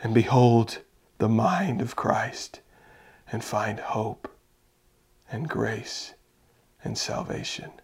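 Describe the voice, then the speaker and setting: A male pastor preaching a sermon, building to loud fervent peaks and dropping to hushed, intimate passages. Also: on the low side, lively intonation, slow, pauses often, husky.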